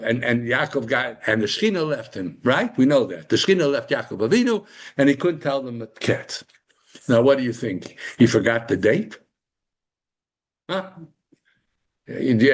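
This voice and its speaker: A man with a husky, mid-range voice teaches a Torah class to a live group. He poses rhetorical questions and answers them himself, weaving Hebrew terms into his English.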